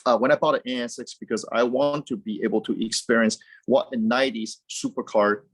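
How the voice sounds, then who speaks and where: Animated man, dry close sound. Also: medium pitch, fairly quick, no room sound. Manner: animated, rambling with frequent restarts and repeated words. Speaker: guest, car company founder. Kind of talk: casual interview chat.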